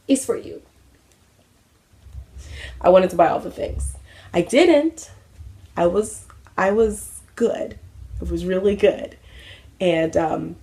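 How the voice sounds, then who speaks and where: Low, gravelly woman chatting casually. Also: dark tone. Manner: chatty, self-mocking, many fillers. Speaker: craft vlogger. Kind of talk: casual chat.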